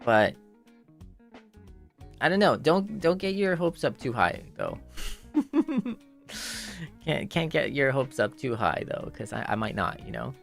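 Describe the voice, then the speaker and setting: Gravelly guy streamer rambling, lots of likes and repeats, faint music under it. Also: mid-range voice, huge pitch swings, takes it slowly, pauses often. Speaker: livestreamer. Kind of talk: casual livestream chat.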